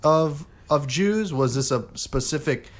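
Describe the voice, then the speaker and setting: A man's voice: fairly high pitch, animated, a little slow. A man hosting a casual podcast, asking probing follow-up questions. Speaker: podcast host.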